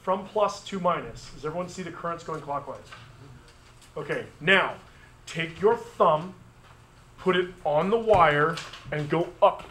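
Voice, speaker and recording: A man teaching physics to a class, brisk and conversational, with joking asides. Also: a little high, sharp tone, slight background noise. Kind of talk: classroom review lesson.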